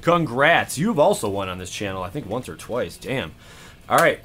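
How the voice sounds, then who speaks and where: A man hosting his own channel, opening card packs with excited, casual commentary, counting aloud and swearing freely. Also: medium pitch, moderate pace, background noise. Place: home room.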